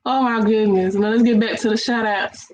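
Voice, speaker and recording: A woman's voice: on the high side, fairly even intonation, normal speed. A woman hosting a casual reaction chat, laughing often and repeating herself while talking to viewers. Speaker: host. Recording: echoey room with faint noise.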